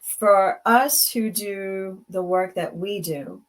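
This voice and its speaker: A woman's voice: medium pitch, slow pace. A woman hosting a casual motivational talk, slipping into Spanish phrases and acting out little dialogues. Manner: conversational, mixes in Spanish phrases, acts out dialogue. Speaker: host; advocate.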